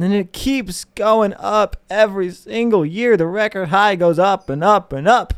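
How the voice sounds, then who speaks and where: A young podcast host delivers a casual, exasperated rant, swearing and mocking the people he argues against. His high voice is clear and resonant, unhurried and almost pause-free, with studio-quality sound and no room noise.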